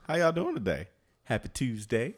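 Man with a lively, bouncing voice. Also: mid-range voice, moderate pace. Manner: goofy, joking. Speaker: podcast co-host. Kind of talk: casual chat.

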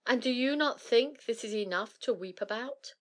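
A woman's voice: fairly high pitch, normal speed, natural voice. A woman reading aloud voices a foolish, weepy young woman who frets and asks plaintive questions in a storybook. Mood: fretful.

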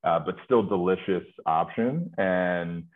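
A man with a very low voice speaks as a company executive in an interview. He talks easily, with lots of filler phrases. The sound comes through a thin, phone-like line. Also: slow pace. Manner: relaxed, full of filler phrases. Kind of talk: conversational interview answers.

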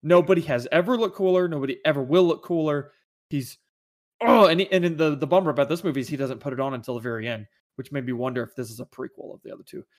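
A man's voice: fairly high pitch, fast. A man chatting casually about movies as a podcast co-host, rambling and enthusiastic, with many restarts.

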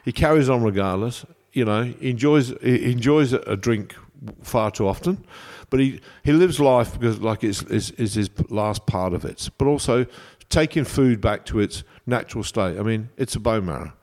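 A man's voice: medium pitch, moderate pace, few pauses. A man, a chef, chatting casually and telling rambling anecdotes. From England. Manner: rambling, anecdotal, animated storytelling. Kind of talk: casual chat.

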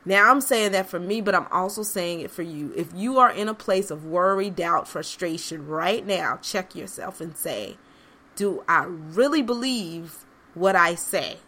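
A woman podcast host with a lowish, bright and forceful voice speaks at a moderate pace with few pauses. She addresses her listeners directly in an earnest, conversational, reflective motivational monologue.

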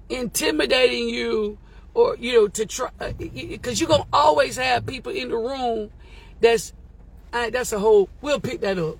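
A woman hosts a daily motivational podcast in a gravelly voice with a touch of fry. She preaches with emphatic exclamations and talks straight to her listeners. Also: on the high side, rough recording.

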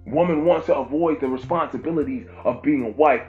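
A man's voice: a little high, fairly quick. Emphatic preaching man, muffled recording. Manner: emphatic, repeats phrases for stress. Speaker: pastor. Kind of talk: informal preaching. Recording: dull lo-fi with faint music.

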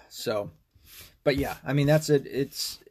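A man's voice: mid-range voice, slow pace, darkish tone. A man hosting a podcast, talking in a casual, rambling and profane rant. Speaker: podcast host. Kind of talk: casual monologue.

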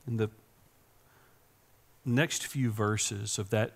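A man preaching a sermon, swinging from hushed whispers to loud, impassioned preaching. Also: fairly low pitch, fairly even intonation, drawn-out words, vocal fry. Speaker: pastor.

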